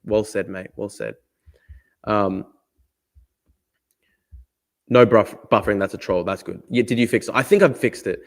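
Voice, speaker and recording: A man's voice: fairly low pitch, a little slow, gravelly, long pauses. A young Australian man hosting a casual live stream, chatting and answering his chat, often repeating himself. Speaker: streamer host.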